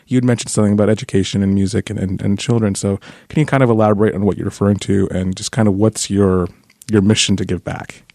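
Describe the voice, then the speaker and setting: Fast-talking male podcast host. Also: fairly low pitch, fairly even intonation, a little mellow, dry recording, studio quality. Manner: quick, with frequent restarts. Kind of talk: casual interview chat. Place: studio.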